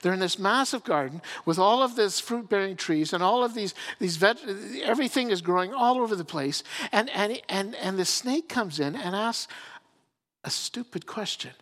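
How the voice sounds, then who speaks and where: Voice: medium pitch, animated, normal speed, fairly bright tone. Conversational preacher in an echoing hall. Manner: conversational, many restarts and repeated words. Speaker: pastor. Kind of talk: sermon. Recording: long hall reverb.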